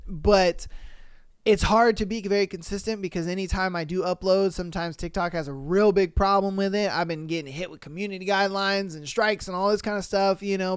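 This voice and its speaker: Guy hosting a podcast, rambly and slangy, lots of ums, smooth clean voice, dry sound. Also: high-pitched, dry recording. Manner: rambling, slangy, heavy with fillers. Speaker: podcast host. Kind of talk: casual podcast monologue.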